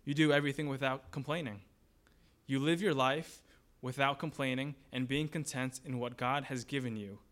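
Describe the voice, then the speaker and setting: A man's voice: mid-range voice, steady tone, moderate pace, fairly bright tone. A man preaching a sermon as pastor, in a conversational way, asking the congregation questions and briefly acting out grumbling voices.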